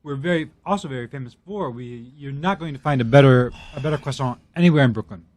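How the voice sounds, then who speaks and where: A man's voice: mid-range voice, quick pace, a little mellow. A man who runs a bakery, talking in a studio, enthusiastic and proud of his product. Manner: enthusiastic, proud salesman patter. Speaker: bakery owner. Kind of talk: casual studio chat. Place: radio studio.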